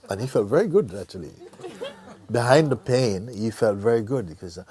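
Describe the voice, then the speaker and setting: A man acting as a spiritual teacher, telling a parable in an animated way, laughing often and tagging his lines with "no?". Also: lowish voice, a little fast. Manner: lively and animated, laughs often, tags lines with "no?" and "you know". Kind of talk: storytelling in a spiritual talk.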